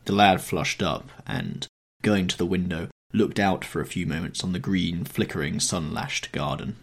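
A man narrating a novel in a calm, measured manner. His voice is slightly husky, and his intonation stays varied and expressive. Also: deep voice. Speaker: audiobook narrator. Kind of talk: scripted narration.

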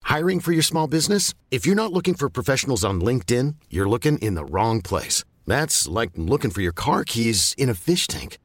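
A man's voice: medium pitch, sing-song, a little fast, few pauses. Upbeat man reading an ad. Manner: upbeat, persuasive. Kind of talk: radio advertisement.

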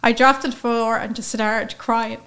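A woman with an Irish accent, a guest telling a personal story in a lively, chatty way. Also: fairly high pitch, moderate pace, clear, resonant tone. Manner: chatty, lively, acts out quoted speech. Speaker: interview guest.

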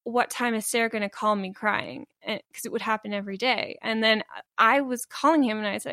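A woman's voice: a little high, fairly even intonation, a little slow, bright, forceful tone, no room sound, clean studio sound. Candid woman in casual conversation. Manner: candid, laughs often, many restarts.

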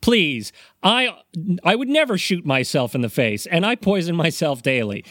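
A man hosts a casual comedy podcast with a slightly high voice. He rambles wryly and makes self-aware jokes. His voice sounds dry and close to the mic. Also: sing-song, normal speed, fairly bright tone, no room sound. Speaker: podcast host presenting the topic.

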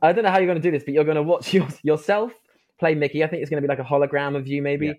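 Playful male podcast co-host, higher voice. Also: fairly even intonation, racing, dull audio, background noise. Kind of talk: casual chat and show outro.

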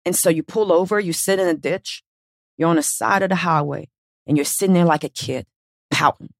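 A woman with a fairly low voice delivers a motivational podcast monologue, coaching listeners in a blunt, casual way. She swears freely and tells her points as animated little stories. The sound is close and dry, with no room around it. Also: moderate pace, creaky, no room sound. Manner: casual, profane, animated storytelling. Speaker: podcast host and weight-loss coach.

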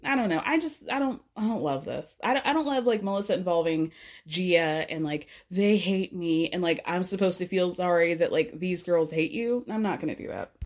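A woman's voice: fairly low pitch, expressive, fairly quick. A woman hosting a podcast, chatting casually in a recap, full of likes, laughs and playful mock voices. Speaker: podcast host.

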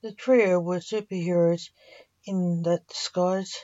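Woman reading a story real slow, lowish voice, kinda muffled recording. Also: steady tone, dark tone.

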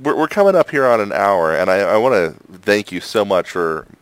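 A very low-voiced man hosts a podcast, asking questions in a friendly, easy way and laughing often. The sound is dry and close. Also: sing-song, a little fast, smooth, no room sound. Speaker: podcast host. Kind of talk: casual podcast interview.

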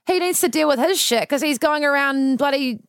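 A woman around thirty hosts a podcast in open, animated casual chat, peppered with fillers and the odd swear word. Her voice sits on the high side for a woman and is recorded dry and close, with no room around it. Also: fairly quick, dry recording. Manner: candid and animated, swears freely, many "like" fillers. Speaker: podcast host.

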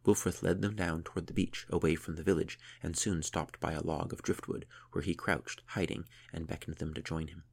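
A man narrating an audiobook chapter in a measured, steady way. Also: deep voice, gravelly, breathy edge.

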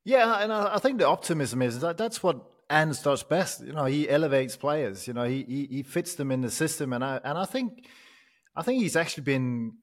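A man's voice: a little high, lively intonation, normal speed. A man appearing as a guest on a football podcast, speaking hesitantly with many fillers and restarts. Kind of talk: casual football podcast chat.

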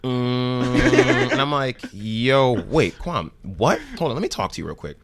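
A man's voice: medium pitch, measured pace, creaky, noisy background. A man from New Jersey, a podcast guest, telling casual stories and acting out the quoted lines of the people in them. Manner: animated, acts out quoted dialogue. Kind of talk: casual storytelling chat.

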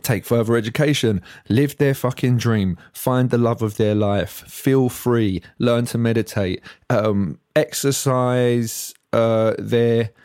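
A man's voice: mid-range voice, slow, few pauses, a little mellow, no room sound, studio quality. A man, hosting a solo podcast rant, swearing freely and stuttering when worked up. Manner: swearing, exasperated, slangy. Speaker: podcast host.

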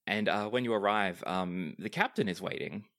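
A man's voice: lowish voice, moderate pace, fairly bright tone, no room sound, studio quality. A man narrating as game master of a tabletop game, easygoing, with plenty of fillers.

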